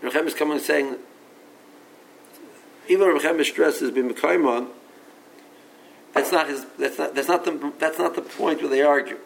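A man's voice: fairly high pitch, moderate pace, vocal fry, long pauses, a little hiss or hum, rough recording. A man giving a Talmud study lecture, reasoning aloud and mixing English with Aramaic and Hebrew terms, often repeating himself as he restarts sentences. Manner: frequent restarts and repeated words. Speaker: Talmud teacher.

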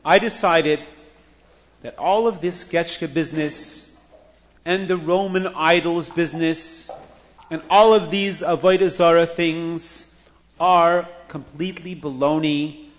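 A man voicing an earnest, firm-minded boy who speaks softly and steadily. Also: fairly high pitch, slow pace, long reverb tail. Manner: soft, hushed, steady. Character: earnest boy of firm faith, calm and quiet.

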